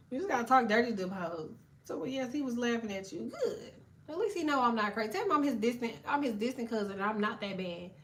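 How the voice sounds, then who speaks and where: Brief: brash woman tarot streamer, fairly high voice, swears constantly, animated and laughing. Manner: profane, animated, laughing, reads chat aloud. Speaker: tarot reader. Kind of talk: live tarot stream chat.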